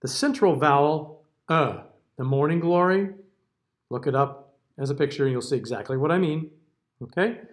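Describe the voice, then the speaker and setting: An American man with a slightly high voice walks a class through vowel sounds in a recorded lecture. He keeps it relaxed and conversational, modeling words aloud and tagging on "okay?" as he goes. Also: moderate pace, pauses often. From United States. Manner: casual, checks in with frequent "okay?". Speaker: diction teacher.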